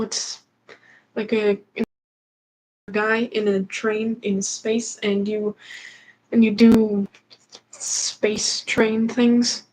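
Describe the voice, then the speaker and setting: Slow, halting young-sounding woman. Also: on the high side, level tone, a little mellow, low-quality recording. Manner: halting, full of fillers and restarts. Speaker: guest filling in on a livestream. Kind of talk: hesitant casual chat.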